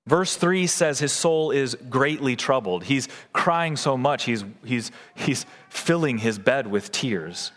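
A man's voice: mid-range voice, expressive, takes it slowly, few pauses, a bit bright, long reverb tail. A man preaching a sermon in a church, earnest and posing questions to the congregation. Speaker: pastor. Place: church sanctuary.

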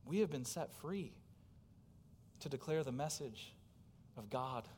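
A man's voice: mid-range voice, animated, takes it slowly, a little mellow, a little hiss or hum. A man, preaching a sermon as pastor, talking emphatically and putting direct questions to his congregation. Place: church sanctuary. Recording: long hall reverb in a church.

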